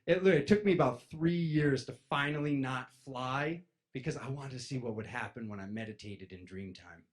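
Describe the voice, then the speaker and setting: This man has a mid-range voice and talks fairly quickly while delivering an informal spiritual talk to a crowd. Animated throughout, he tells stories in which he performs other people's voices, and he addresses his listeners as "you guys."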